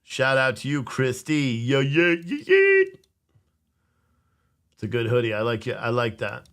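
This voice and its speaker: A man's voice: medium pitch, fairly even intonation, moderate pace, fairly bright tone, clean tone. Profane joking man on a livestream. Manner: profane, joking, reads viewer comments aloud. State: tired. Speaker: livestream host selling coffee. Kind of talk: casual live-chat commentary.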